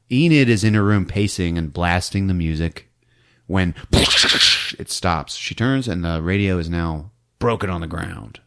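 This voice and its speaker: A man's voice: sits low, very animated, takes it slowly, fairly bright tone. A man hosting a podcast, recapping a movie in a casual, giggly storytelling way. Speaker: podcast host.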